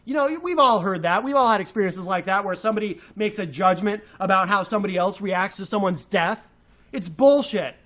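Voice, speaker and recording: A man's voice: high-pitched, a little fast, fairly bright tone. A man co-hosting a radio show, ranting furiously with sarcastic, insulting outbursts. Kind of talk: angry on-air rant.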